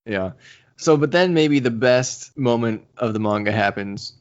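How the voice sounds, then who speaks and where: Male co-host, mid pitch, casual animated recap, slightly dull lo-fi mic. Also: unhurried. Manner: animated recapping with acted-out quotes and laughs. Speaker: podcast co-host. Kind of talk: casual podcast chat.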